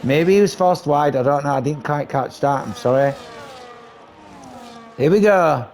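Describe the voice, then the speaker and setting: A man giving casual, excitable live commentary on a sim racing league, chatty and swearing casually, with game noise behind him. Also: fairly high pitch, a little fast. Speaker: race commentator.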